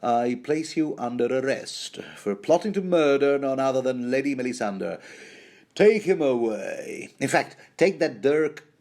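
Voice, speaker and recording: A man voicing a pompous, villainous male knight who gives drawn-out, high-pitched orders in a book commentary. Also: expressive, darkish tone.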